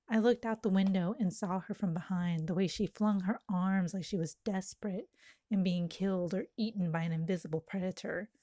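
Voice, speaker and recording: A woman reading her own poem aloud in a slow, lyrical and intimate way. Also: on the low side, warm tone, no echo, studio quality. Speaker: poet. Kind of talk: poetry reading.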